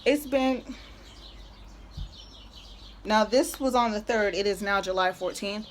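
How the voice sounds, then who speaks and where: A woman's voice: mid-range voice, takes it slowly, slight background noise. A young woman telling a story in a casual, exasperated rant, peppered with filler words. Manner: chatty, exasperated, heavy use of "like". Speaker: vlogger.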